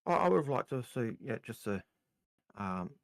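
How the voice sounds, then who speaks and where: A man's voice: mid-range voice, very animated, normal speed, dry recording. A man co-hosting a casual gaming Q&A, reading viewer questions aloud and adding short replies. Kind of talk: casual podcast chat.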